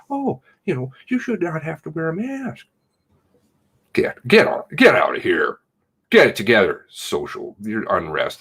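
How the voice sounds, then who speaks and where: A man hosting a casual commentary livestream, greeting viewers from the chat by name and ranting with indignation. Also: fairly low pitch. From Canada. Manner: indignant ranting, reads chat names aloud. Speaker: livestream host.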